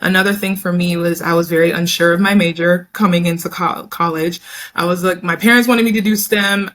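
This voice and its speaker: A young woman in a casual interview, talking about her experiences in a chatty, animated way, acting out quotes as she goes. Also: fairly low pitch, brisk. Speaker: interview guest, Olympic hammer thrower.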